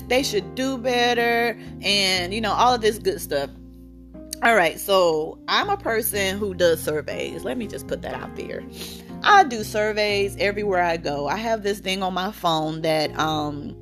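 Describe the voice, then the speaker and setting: A woman in her thirties hosting a podcast, telling a personal story in a candid, emphatic way and repeating her phrases for weight. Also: on the low side. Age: 30s. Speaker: podcast host. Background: guitar music.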